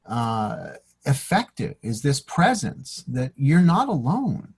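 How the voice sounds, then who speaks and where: Husky guy musing thoughtfully in a casual chat. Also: mid-range voice, big pitch swings, takes it slowly, a little mellow. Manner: reflective, affirming, thoughtful. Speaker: co-host.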